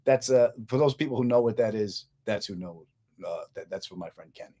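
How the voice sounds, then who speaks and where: A man's voice: lowish voice, brisk. A middle-aged man, a comedian hosting his own podcast, chatting casually with viewers and telling jokey stories. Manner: joking, animated storytelling. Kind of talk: casual live-stream chat.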